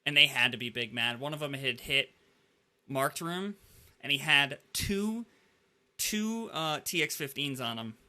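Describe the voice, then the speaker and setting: Animated man telling gaming stories. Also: medium pitch, a little slow. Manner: animated storyteller, heavy use of "like". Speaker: podcast host. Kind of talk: casual gaming podcast chat.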